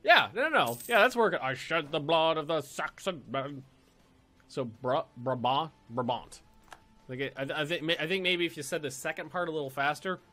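This let's-play streamer has a slightly high, bright voice with a forceful tone. He keeps up casual, playful chatter as he plays a strategy game on stream, often swearing and repeating himself mid-thought.

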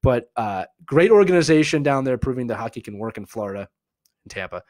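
A man with a Philadelphia accent hosts a live hockey stream, chatty and animated. His voice sits at an ordinary middle pitch. It is recorded close on a dry mic with no room sound. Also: a little fast, no room sound. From Philadelphia, USA. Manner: animated, chatty, full of filler words and asides. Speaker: host answering viewer questions.

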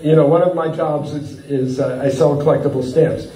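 A man preaching a sermon as a pastor, animated, chuckling often and breaking up his sentences with uh and repeats. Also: a little high, normal speed. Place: church hall. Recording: echoey hall, from far off.

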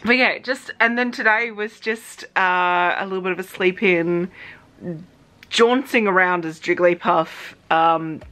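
Chatty Australian woman, low voice. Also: unhurried. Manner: chatty, excited retelling, acts out her own reactions. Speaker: cosplay vlogger. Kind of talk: casual vlog chat.

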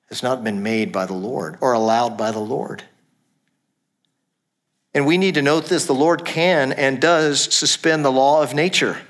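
Middle-aged male pastor, mid-pitched voice, casual and chatty sermon delivery. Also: a bit bright. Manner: conversational preaching with laughs and self-corrections.

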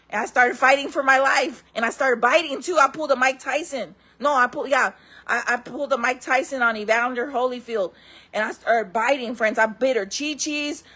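A woman's voice: high voice, a bit bright, husky. A woman telling her own stories to camera in casual, candid talk, often calling her viewers friends. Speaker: storyteller host.

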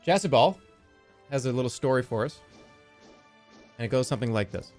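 A man streaming live, chatting casually and reading viewer stories aloud in an excitable, jokey way. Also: mid-range voice, fairly quick. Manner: excitable, jokey, prone to laughing fits. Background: faint music.

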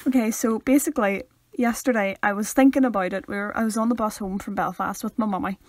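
A woman's voice: mid-range voice, fairly even intonation, quick pace, a little mellow, dry recording, clean studio sound. A young woman co-hosting a podcast in casual chat, giggly and easily sidetracked. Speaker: podcast co-host.

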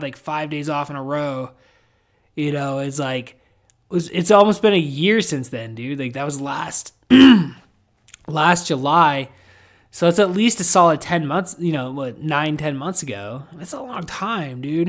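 A man hosting a podcast in casual, reflective chat, rambling with lots of filler words and swearing. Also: fairly high pitch. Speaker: podcast host.

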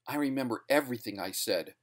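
A man's voice: medium pitch, big pitch swings, moderate pace, close to an everyday voice. A man voicing a frightened male ventriloquist who pleads in a strained voice that climbs toward screams. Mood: tense.

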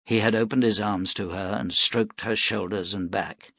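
A man narrating an audiobook in a steady, even storytelling manner. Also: fairly low pitch, normal speed, gravelly, dry recording, studio quality. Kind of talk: scripted narration.

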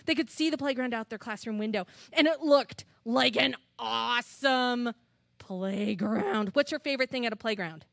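A woman telling a children's story at church, animated and chatty with the kids, into a handheld mic. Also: fairly high pitch, moderate pace, gravelly, dry recording. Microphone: handheld microphone.

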